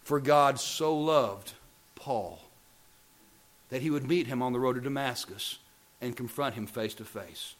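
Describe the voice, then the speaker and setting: A man preaching a sermon. He repeats phrases for emphasis and builds from calm talk to loud, impassioned preaching. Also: medium pitch, moderate pace.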